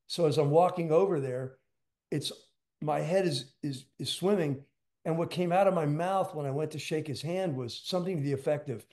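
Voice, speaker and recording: An older man, a drummer, telling stories as an interview guest in a rambling, animated way with lots of fillers. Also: fairly high pitch, brisk. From United States. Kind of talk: storytelling interview.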